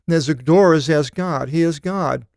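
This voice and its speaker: Clear-voiced male Bible teacher. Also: fairly high pitch, darkish tone, no echo, clean studio sound. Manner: reads scripture aloud then explains, with thoughtful pauses and "uh" fillers. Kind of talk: Bible study seminar, reading verses with commentary.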